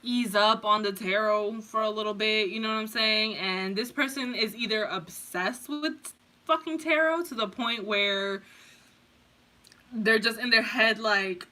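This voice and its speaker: A woman's voice: medium pitch, unhurried, pushed and bright. A woman tarot reader giving a casual pick-a-card reading, rambling, swearing freely and laughing often.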